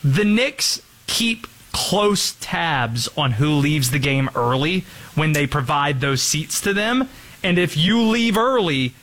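A man's voice: fairly high pitch, fairly bright tone. A man hosting a sports talk show, teasing his co-host in a mock-serious way.

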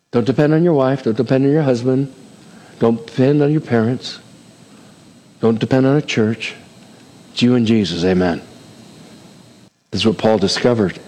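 Animated male pastor in a reverberant church. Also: fairly high pitch. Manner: animated, acts out scripture voices. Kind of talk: sermon. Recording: hall reverb.

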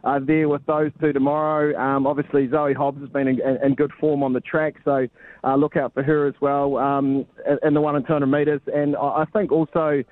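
A man calling in from abroad as a sports reporter, chatting casually and rambling a bit, with a deadpan touch. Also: on the high side, moderate pace, dry recording. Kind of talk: casual phone-in chat. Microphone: phone. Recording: lo-fi phone line.

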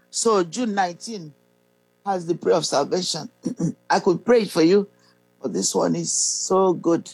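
A preacher reading scripture and leading a listener through a prayer of salvation, pausing often with fillers and clearing the throat. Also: mid-range voice, darkish tone, no room sound, poor audio. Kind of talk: slow devotional teaching and guided prayer.

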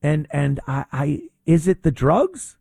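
A man's voice: a little high, sing-song, takes it slowly, gravelly, mellow, breathy edge, no room sound. A man hosting his own talk show, delivering an opinionated monologue in a mocking, rambling way with many fillers.

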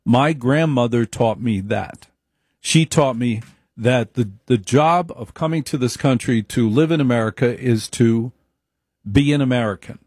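A man's voice: mid-range voice, measured pace, a little mellow, husky, no echo, clean studio sound. A man giving an opinionated monologue, emphatic, repeating his points and wandering into asides.

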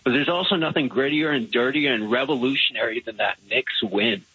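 A man's voice: medium pitch, a little fast, pushed and bright, breathy edge, no room sound. A man calling in to a sports radio show, rambling a little as he talks. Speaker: caller. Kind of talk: phoned-in radio chat. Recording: slightly muffled radio line.

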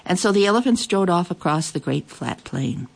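A storyteller reading an animal fable aloud in a measured, expressive way. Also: mid-range voice, vocal fry.

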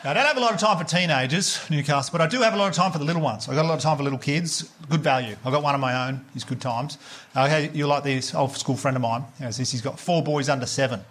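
A man doing stand-up comedy, telling sweary, animated stories and slipping into voices for the people in them. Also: mid-range voice, rapid-fire. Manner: animated, sweary storytelling with put-on quoted voices.

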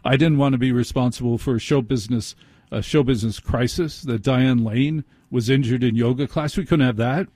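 A male late-night radio host talks through a self-deprecating anecdote in a husky, mellow voice. The sound is dry and close on a studio mic, with no room around it. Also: mid-range voice, a little fast, dry recording. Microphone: studio microphone.

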